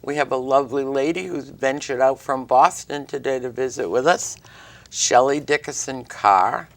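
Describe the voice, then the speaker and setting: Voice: medium pitch, normal speed. A talk show host asking friendly, rambling questions in a studio interview.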